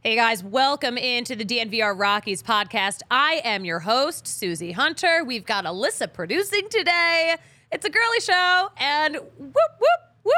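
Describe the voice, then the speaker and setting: Chatty, bright-voiced woman hosting a sports podcast. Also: fairly high pitch, animated, normal speed, no room sound. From Philadelphia. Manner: chatty, joking, swears casually. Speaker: podcast host. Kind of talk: casual sports podcast chat. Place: podcast studio.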